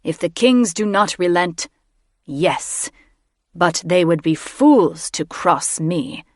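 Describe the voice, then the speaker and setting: A woman's voice: on the low side, expressive, slow pace, no room sound, studio quality. A woman narrator voicing a gloating, villainous male mage who croons over his monster eggs with menace. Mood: menacing. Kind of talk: audiobook character voice.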